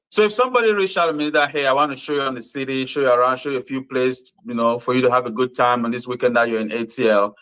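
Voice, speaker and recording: Guy defending himself on a dating show, bright voice, dry sound. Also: medium pitch, dry recording, low-quality recording. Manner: defensive, explains at length.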